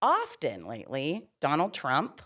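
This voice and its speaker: A woman's voice: low voice, wildly swooping pitch, measured pace, a bit bright. A middle-aged woman hosting a podcast, joking playfully in casual chat. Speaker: podcast host.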